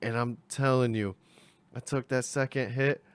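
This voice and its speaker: Young guy, casual story time, slangy and rambling, mid pitch, dry close sound. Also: fairly even intonation, moderate pace, clean tone, no echo. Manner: rambling, slangy, acts out voices.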